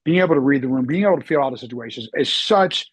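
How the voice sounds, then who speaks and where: A man's voice: mid-range voice, expressive, fast talker, breathy edge, no echo. A man hosting a casual interview, asking questions with enthusiasm and encouraging his guest. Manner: enthusiastic, encouraging, lots of mm-hmms. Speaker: podcast host, realtor.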